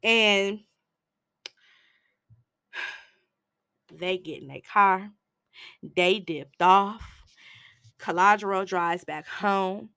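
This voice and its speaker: A woman's voice: mid-range voice, very slow, long pauses, sharp tone, clear, resonant tone, no echo. Woman, casual movie recap, slangy and profane, acts out the lines, close dry sound. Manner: blunt and profane. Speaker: film recap vlogger.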